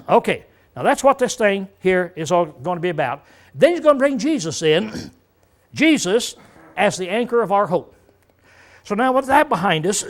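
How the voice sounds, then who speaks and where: High-pitched folksy older male preacher. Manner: folksy, frequent throat clearing, rhetorical questions. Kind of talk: sermon.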